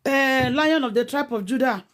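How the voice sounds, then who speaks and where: A woman's voice: high-pitched, moderate pace, fairly bright tone. A Nigerian woman in her forties with a Nigerian Pidgin accent, ranting casually in a preachy, scolding way and firing rhetorical questions. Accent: Nigerian Pidgin English. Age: 40s. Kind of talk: animated casual rant.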